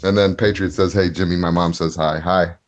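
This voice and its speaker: A man's voice: deep voice, steady tone, brisk, highs cut off. A man hosting a casual podcast, reading out chat comments, swearing freely, laughing often and getting heated. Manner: profane, laughs a lot, gets heated.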